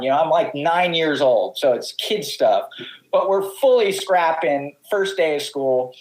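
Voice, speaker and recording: Speaking at a normal speed with lively intonation and a medium pitch, this middle-aged man is a pro surfer guesting on a podcast. He spins long, casual stories, often restarting and acting out quotes, over poor audio.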